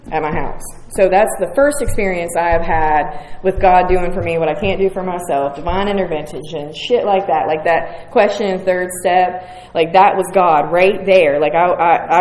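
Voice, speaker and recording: A woman's voice: lowish voice, darkish tone, a little hiss or hum. A woman, telling her recovery story to a meeting in a frank, profane, self-mocking way. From West Virginia. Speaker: speaker sharing at a recovery meeting. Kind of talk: candid recovery share. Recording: roomy hall with faint audience.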